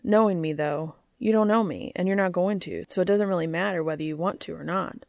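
A woman reading aloud, voicing an eager, joking grown man who talks fast. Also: fairly low pitch, gravelly, darkish tone, no room sound, studio quality. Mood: flustered. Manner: quick, joking, talkative.

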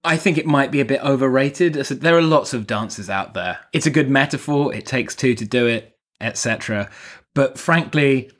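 A man's voice: mid-range voice, normal speed, a bit bright. A man co-hosting a podcast in casual chat, rambling and joking, restarting his sentences as he thinks aloud. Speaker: podcast co-host.

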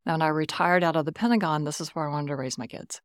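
A woman's voice: deep voice, quick pace, no room sound, studio quality. A woman in her sixties from Texas, a retired Air Force officer telling stories as a podcast guest. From Texas, USA. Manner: warm, animated anecdotes with quoted dialogue. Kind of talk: conversational storytelling.

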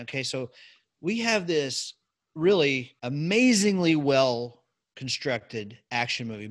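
Man, podcast co-host, lively swooping pitch, animated anecdote teller. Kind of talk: casual chat telling film anecdotes.

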